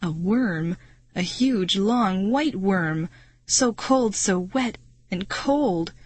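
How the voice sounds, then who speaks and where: A woman's voice: medium pitch, animated, very slow, husky, no room sound. A woman narrating a first-person children's adventure story in a suspenseful, dramatic reading voice. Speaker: audiobook narrator.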